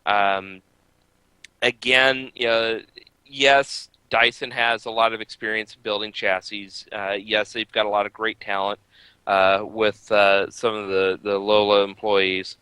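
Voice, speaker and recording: A man co-hosting a motorsport podcast, talking casually with many filler pauses. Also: on the low side, flat delivery, bright, forceful tone, clear, resonant tone, dry recording, poor audio. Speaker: podcast co-host. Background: baby crying.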